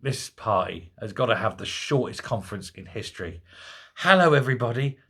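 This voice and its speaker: A man's voice: lowish voice, a little fast, creaky, a bit bright, husky. A middle-aged man hosting a solo political commentary, ranting in a sarcastic, mocking way. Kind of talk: solo political rant to camera.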